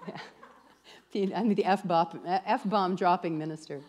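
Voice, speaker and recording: Woman spiritual teacher with a lowish voice, chatty workshop style, casual and a bit irreverent. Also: slow, a little hiss or hum. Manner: lively and chatty, with frequent "like" and the odd swear. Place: church workshop with a live audience.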